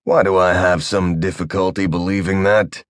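A man's voice: deep voice, flat delivery, normal speed, no echo, close to an everyday voice. A man voicing a tired, sarcastic male officer who is on medication. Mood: dry, sarcastic. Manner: dry, sarcastic. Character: sardonic, weary male officer under medication.

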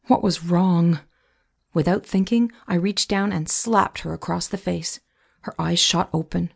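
A woman reading a novel aloud in measured, scripted first-person narration. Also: fairly low pitch, steady tone, vocal fry. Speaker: audiobook narrator.

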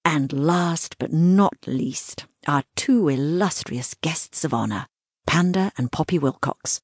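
A woman voicing an aristocratic young gentleman detective in a children's storybook, eager and well-mannered. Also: sits low, animated, slow pace, slightly rough, no room sound, clean studio sound, heavily acted. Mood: brisk, cordial.

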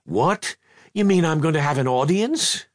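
A man's voice: fairly high pitch, animated, a little slow, no room sound, studio quality, voice pushed up. A male audiobook narrator voicing an anxious, headstrong boy hero who talks tensely and impatiently.

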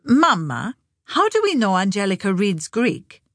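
A woman's voice: sing-song, a little slow, fairly bright tone, no echo, clean studio sound. A woman voicing an anxious, bustling sixty-five-year-old daughter-in-law with a raised, fretful voice. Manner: fretful, higher-pitched.

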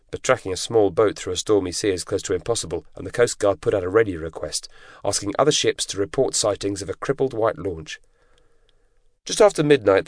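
Male audiobook narrator, low voice, dry close studio sound, measured dramatic telling. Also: no echo. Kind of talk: scripted narration.

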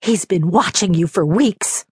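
A woman's voice: lowish voice, a little slow, darkish tone, slightly rough, no room sound, studio quality. A woman voicing a hostile middle-aged female ghost. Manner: spits out cold hostile warnings.

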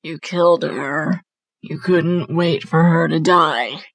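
A woman voicing a demon that possesses a young woman, speaking in a hideous guttural voice, slow and taunting. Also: sits low, dry recording, heavily acted. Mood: menacing.

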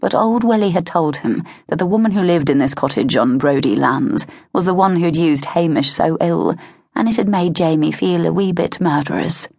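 A woman narrating an audiobook in a measured, expressive way, close to a studio mic. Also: fairly low pitch, creaky, slightly rough, no echo. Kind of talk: scripted narration of a historical romance.

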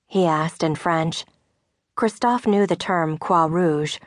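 A woman narrating an audiobook in a measured, soft-spoken way. Her voice sits slightly low for a woman. The studio recording is dry and close. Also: steady tone, no room sound. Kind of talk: scripted narration. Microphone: studio mic.

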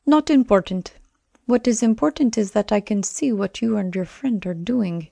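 A woman's voice: mid-range voice, moderate pace, gravelly, warm tone, dry recording. A woman voicing a cryptic anonymous messenger with a cool, clipped, threatening manner in an audiobook.

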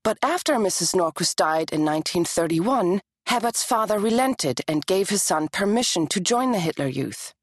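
Woman narrating a history audiobook, low-pitched. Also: no room sound, clean studio sound. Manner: measured, even reading. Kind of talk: scripted narration.

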